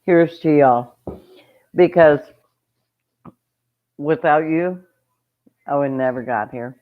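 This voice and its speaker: Woman, homestead host, casual livestream chat, rambling, slow-paced, muffled lo-fi audio. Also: low voice. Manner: chatty, rambling, greets viewers mid-story.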